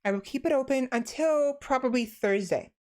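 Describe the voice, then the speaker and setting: A young woman streaming as a VTuber, a naturally fast talker consciously slowing down to enunciate, often sighing and laughing softly between phrases. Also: high voice. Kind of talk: casual stream chat.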